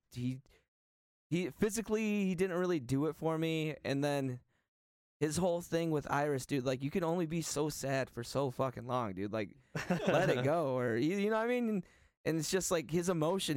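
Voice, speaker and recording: Animated rambling man, dry mic. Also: fairly high pitch, moderate pace, dry recording. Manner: rambling, animated, swears freely. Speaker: podcast co-host. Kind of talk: casual chat.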